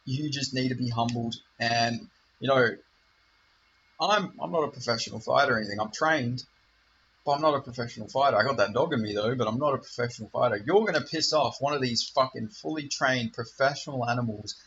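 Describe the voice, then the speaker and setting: Heated swearing man, channel host, rambling rant, bright tense voice, dull lo-fi recording. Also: mid-range voice, brisk, a little hiss or hum. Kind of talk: profane rant to camera.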